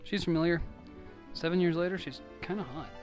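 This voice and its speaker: A man's voice: a little high, fairly quick. A young man giving casual, rambling, joking commentary over a game playthrough. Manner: rambling, joking, self-deprecating. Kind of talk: casual let's-play commentary. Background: video game music.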